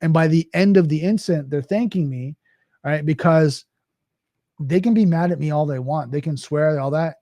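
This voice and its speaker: Middle-aged male host, casual solo Q&A delivery, mellow slightly high voice, dry close mic. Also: moderate pace, dry recording. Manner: conversational with frequent restarts and "right?". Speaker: cybersecurity host. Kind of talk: solo Q&A talk.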